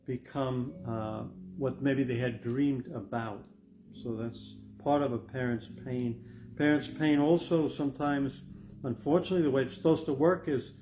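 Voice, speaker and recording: An older man, a pastor, preaching a sermon in an earnest, reflective way that builds to emphatic stress. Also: mid-range voice. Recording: music playing behind the voice. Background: guitar music.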